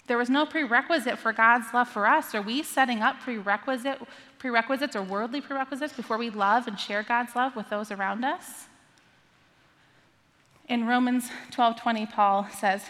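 A woman's voice: a little high, normal speed, a bit bright. A woman pastor delivering a sermon, earnest and asking her listeners direct questions. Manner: earnest, asks the congregation questions. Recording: long hall reverb.

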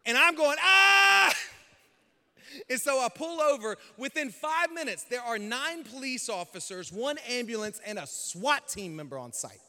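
A male pastor telling a story in a sermon, animated, dropping to a hush and then rising loud. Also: very high voice, normal speed, hardly any pauses. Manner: animated, swings between hushed and loud. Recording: long hall reverb.

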